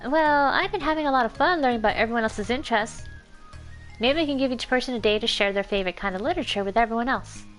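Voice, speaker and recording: A woman's voice: fairly high pitch, quick pace, a bit bright, soft background music, natural voice. A woman voicing a cheerful, bubbly teenage girl who sounds eager.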